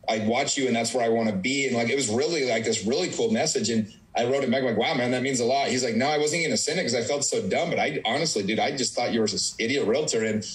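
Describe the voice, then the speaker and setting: A man's voice: mid-range voice, poor audio. A young man, a real estate agent, telling casual stories in a rambling way full of "like". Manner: rambling, heavy use of "like". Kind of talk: casual conversational storytelling.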